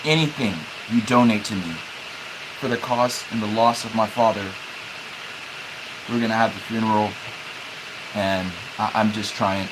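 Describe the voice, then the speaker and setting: A young man livestreaming, speaking haltingly as he holds back tears, with many restarts and repeated words. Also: on the low side, steady tone, noisy background. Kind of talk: emotional livestream talk.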